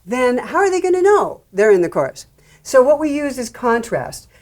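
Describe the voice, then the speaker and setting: A woman guest in an interview, explaining song structure in an animated way and acting out her examples with repeated words. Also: high voice, moderate pace. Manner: animated, acts out examples with repetition. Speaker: songwriting expert guest.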